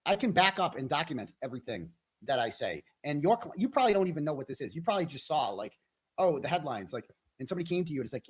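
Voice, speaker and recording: A man's voice: a little high, very animated, rapid-fire, breathy edge. A frustrated, overwhelmed man hosting a livestream, ranting in a profane, combative, taunting way. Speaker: livestream host. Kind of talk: angry livestream rant.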